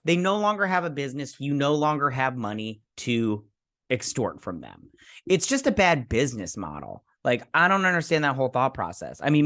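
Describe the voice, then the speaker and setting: A man's voice: medium pitch, a bit bright. Male host, casual review vlog; chatty, meandering delivery with offhand asides. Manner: rambling and chatty, with frequent asides. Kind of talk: casual spoken review and episode recap.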